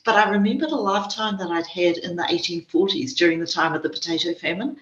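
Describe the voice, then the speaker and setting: An older woman from New Zealand, a guest spiritual teacher telling stories in a gentle, reflective way over a video call. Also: lowish voice, quick pace, reverberant, dull audio, a little hiss or hum. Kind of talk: casual conversation.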